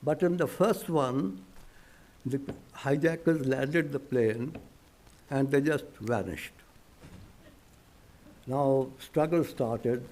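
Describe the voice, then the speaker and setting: An older man with an Indian English accent, a retired diplomat who tells an anecdote on a panel, chuckling, halting and acting out the dialogue he quotes. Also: mid-range voice, darkish tone, slight background noise. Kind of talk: anecdotal storytelling at a panel discussion.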